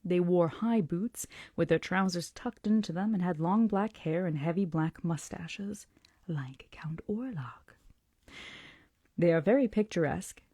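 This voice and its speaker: A woman hosting a book club, reading a novel aloud slowly and deliberately, often dropping into whispers. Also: fairly low pitch, warm tone, husky, dry recording, clean studio sound. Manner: slow, deliberate, dips into whispers.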